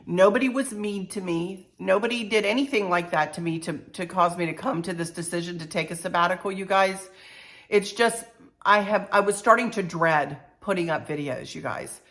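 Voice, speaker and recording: An older woman with a head cold, talking to camera about her home decor channel in an unhurried, heartfelt, chatty way. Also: lowish voice, fairly bright tone. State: stuffy-nosed with a cold. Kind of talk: casual heartfelt talk to camera.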